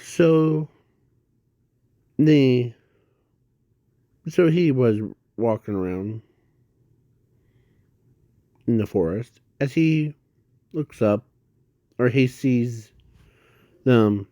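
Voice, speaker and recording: Very slow, halting man rambling a story. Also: medium pitch, warm tone, no room sound, studio quality. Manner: halting, rambling, with constant restarts and self-corrections. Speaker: fan storyteller. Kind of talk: casual improvised fan story.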